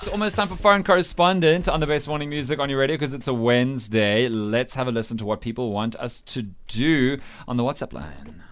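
A man hosting a breakfast radio show, joking quickly with his co-hosts in casual banter. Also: medium pitch, fairly bright tone, smooth, soft background music.

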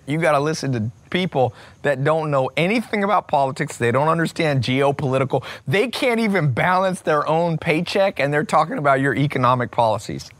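A man's voice: expressive, brisk, hardly any pauses, fairly bright tone, no echo. Blunt, profane man ranting. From United States. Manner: blunt and profane, with sudden jumps in pitch. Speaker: self-help speaker. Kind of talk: unscripted ranting monologue.

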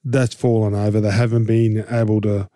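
An Australian co-host and game commentator jokes his way through a casual sports chat, animated and rambling, restarting his points and throwing out rhetorical questions. His lowish voice moves at a normal speed, recorded with studio quality and no room sound.

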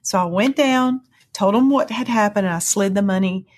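A woman telling an emotional personal testimony as an interview guest, earnest and storytelling. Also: normal speed. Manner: earnest storytelling, swings to high cries when reliving moments.

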